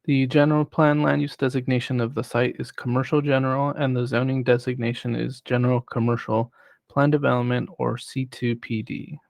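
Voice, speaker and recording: A man on city planning staff who presents a formal report in a measured way, reading prepared remarks. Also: medium pitch, flat delivery, vocal fry, darkish tone, dry recording. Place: city council chamber.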